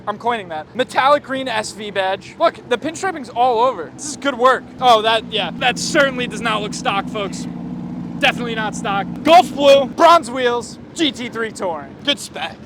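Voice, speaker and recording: High-voiced young man hyping exotic cars. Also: lively intonation, moderate pace, noisy background. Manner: playful, rattles off car models, hypes and jokes. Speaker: car-spotting vlogger. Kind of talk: excited car-spotting commentary. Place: outdoors at a car meet and inside a dealership.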